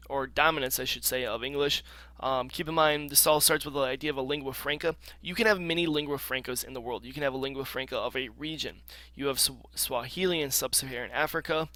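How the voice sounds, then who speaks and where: A man teaching a recorded geography lecture in a casual, explaining way, with frequent ums and throat clearing. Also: mid-range voice, pushed and bright, no room sound.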